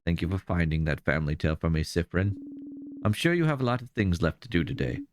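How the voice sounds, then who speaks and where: A man voicing a stern adult woman scholar in a game, reading her lines low and clipped. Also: expressive, fast, no echo, clean studio sound. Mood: icy.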